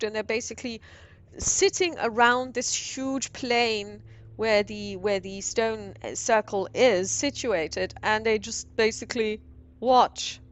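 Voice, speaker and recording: A woman casually reviewing a tabletop game module, chatty and rambling, with many pauses and restarts. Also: fairly high pitch, a bit bright. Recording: dull lo-fi sound.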